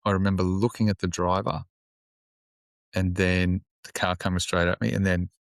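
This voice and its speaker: A man's voice: sits low, steady tone, normal speed, vocal fry, no room sound. A man who works as a police officer, sombre and plain-spoken, swearing freely as he tells his story in a casual interview on a close podcast mic.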